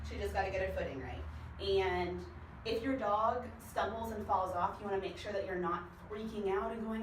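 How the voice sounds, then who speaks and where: A woman's voice: mid-range voice, moderate pace. A young woman casually teaching dog training with her own dog, talking in an easy, chatty way with frequent ums. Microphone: far camera mic. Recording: roomy, distant, noisy home video.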